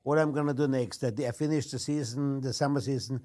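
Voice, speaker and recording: A man's voice: medium pitch, steady tone, fast, warm tone. A man in his sixties from Austria, speaking with an Austrian accent and recounting his chef career in short, clipped phrases. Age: 60s. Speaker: chef and restaurant owner. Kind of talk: interview answers.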